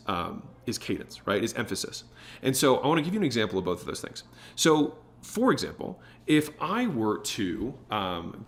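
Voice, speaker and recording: A man's voice: mid-range voice, fairly bright tone. Guy in his 30s doing a motivational sales talk, punchy emphasis, regular mid voice. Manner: emphatic, varies tone and pauses to make points. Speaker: business speaker.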